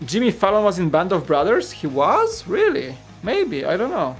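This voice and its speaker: A man chats casually on a livestream, rambling and stopping to read out viewer comments. His voice sits a little high for a man. Soft guitar music plays faintly underneath. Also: wildly swooping pitch, moderate pace, husky. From Poland. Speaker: host.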